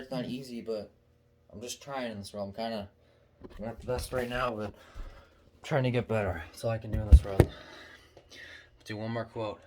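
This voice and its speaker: A man's voice: mid-range voice, fairly bright tone, slight background noise, rough recording. A young man giving a casual, earnest motivational talk to camera, rambling and preachy as he reads out quotes. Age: young adult. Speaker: motivational vlogger.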